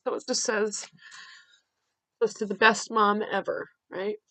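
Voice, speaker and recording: Woman, podcast host, candid personal storytelling, halting restarts, bright tone. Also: medium pitch, level tone, no room sound.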